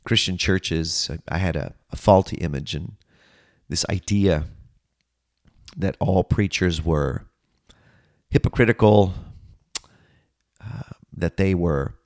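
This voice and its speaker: A middle-aged man, a pastor and podcast host, earnestly telling his personal testimony with dramatic pauses. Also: low voice, darkish tone, no room sound, studio quality.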